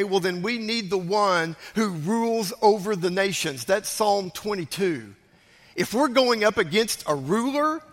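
A man preaching a sermon as a pastor, emphatic, swinging between loud urging and hushed, quiet lines. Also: sits high, long reverb tail.

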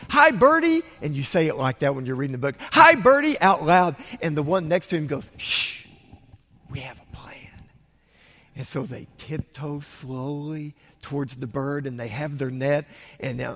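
An older man preaching a Sunday sermon as pastor, telling stories with hushed whispers and sudden loud bursts. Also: a little high. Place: church sanctuary. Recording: long hall reverb.

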